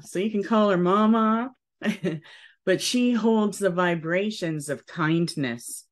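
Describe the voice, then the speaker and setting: A woman leading a spiritual cacao ceremony at home, speaking gently and soothingly, often checking in with "okay". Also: deep voice. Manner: slow, gentle, soothing guidance with frequent "okay". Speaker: ceremony leader.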